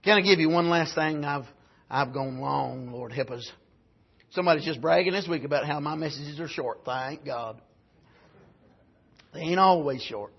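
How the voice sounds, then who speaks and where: A man preaching a sermon, swinging from shouted exclamations to low, quiet asides. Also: normal speed, vocal fry, pauses often, breathy edge, muffled recording.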